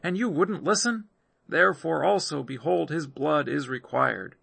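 A man's voice: a little high, unhurried, creaky, a bit bright, husky, no room sound, pitched above the performer's own voice, full character voice. A man reading aloud, voicing a reproachful, earnest eldest brother.

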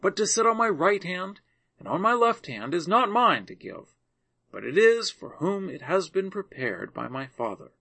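A man voicing a compassionate male teacher in a scripture reading, speaking in a calm, earnest, measured way. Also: sits high, creaky, breathy edge, pitched above the performer's own voice, heavily acted.

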